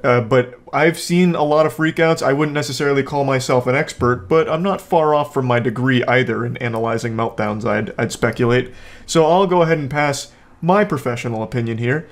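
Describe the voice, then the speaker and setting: A man's voice: mid-range voice, a little fast. Sarcastic male commentator. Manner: sarcastic, joking, rambling asides. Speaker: video commentator. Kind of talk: casual reaction commentary. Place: home.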